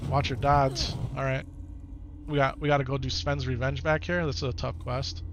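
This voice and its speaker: A man's voice: mid-range voice, little pitch movement, moderate pace, noisy background. A man with a Wisconsin accent, streaming a video game live, chatting easily with viewers and often repeating his own phrases. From Wisconsin, United States. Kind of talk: live gameplay commentary while reading chat.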